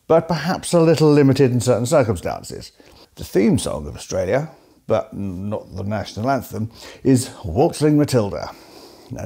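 Man, from England, comic narrator, deadpan, mock-serious, dark mellow tone. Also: medium pitch. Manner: dry, mock-serious sarcasm. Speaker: comedy host.

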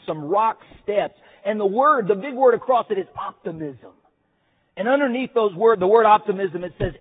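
A man's voice: high-pitched, husky. A man preaching a chapel sermon in a folksy, self-deprecating way, with lots of hesitant fillers. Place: seminary chapel. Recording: tinny phone-like band.

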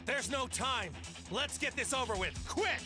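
An actor voicing a brave, confident martial-arts hero in a video game, eager and determined. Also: male voice, very high voice, expressive, a little slow, pushed and bright, soft background music, full character voice.

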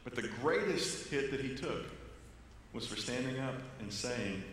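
A male pastor delivers an earnest sermon in a church sanctuary, his voice rising for emphasis and falling low for quieter points. The hall is very reverberant, with a long tail on every phrase and a faint hum of room noise underneath. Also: lively intonation, a little slow.

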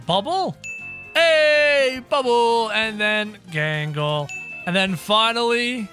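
A man hosting a gaming video, giving excited play-by-play commentary and talking straight to his viewers, often acting scared. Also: high-pitched, slow, faint music behind. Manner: excitable, talks to viewers as guys, mock-scared.

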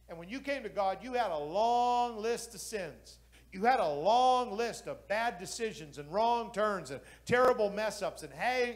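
A male pastor with a high voice preaches with fervor, swinging from hushed storytelling to ringing declarations. He speaks to a congregation in an emphatic sermon style. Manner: impassioned preaching, building to loud exclamations.

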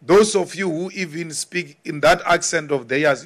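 A South African man giving an emphatic political speech to an audience, repeating his points with deliberate force. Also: a little high, a bit bright.

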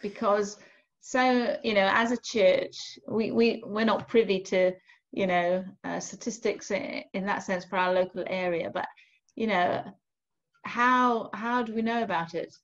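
A woman's voice: medium pitch, steady tone, a little slow. Searching woman asking over dull call audio. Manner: searching, rephrases as she asks. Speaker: church children and families worker. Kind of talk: asking a question in a Q&A.

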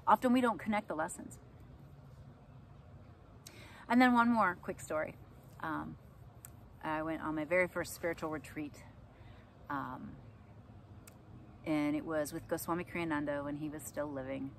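Middle-aged lady telling stories to camera, kinda low voice, animated, bit of background hum. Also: normal speed, pauses often. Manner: animated, acts out quotes with laughs. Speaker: astrology and yoga teacher. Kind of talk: casual storytelling to camera.

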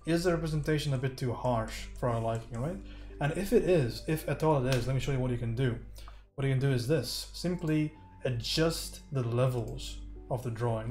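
A man's voice: mid-range voice, darkish tone. A man giving a casual livestream art tutorial, chatting and swearing freely with his viewers. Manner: chatty, swears, talks to chat. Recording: roomy echo, faint music.

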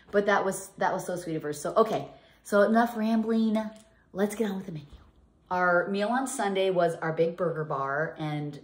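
A woman's voice: mid-range voice, normal speed. A middle-aged woman chatting casually as a home cooking vlogger, telling rambling stories full of restarts and fillers. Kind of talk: casual chat. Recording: echoey room.

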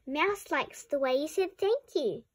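A woman voicing a patient, weary father bear in a storybook reading, in a high, gentle, coaxing voice. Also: expressive, unhurried.

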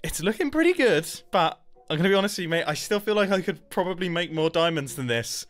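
A man's voice: high voice, very animated, quick pace, faint music behind. A man casually bargaining with another player, amused and laughing as he haggles. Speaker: Minecraft player.

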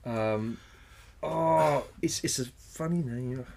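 A man's voice: medium pitch, slow pace, gravelly, darkish tone, slight background noise. A man co-hosting a podcast in casual chat, rambling, swearing freely and searching for names mid-sentence. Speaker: podcast co-host.

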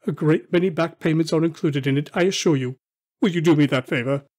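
A man voicing an elderly miser who has turned joyful, talking eagerly and warmly. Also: on the high side, fairly quick, lightly acted. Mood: earnest. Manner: eager, warm and effusive. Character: elderly male miser, newly joyful and giddy.

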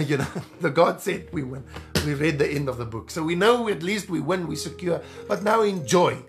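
A man preaching a sermon as an evangelist, fervent and animated, repeating phrases for emphasis. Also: fairly high pitch, moderate pace, faint music behind.

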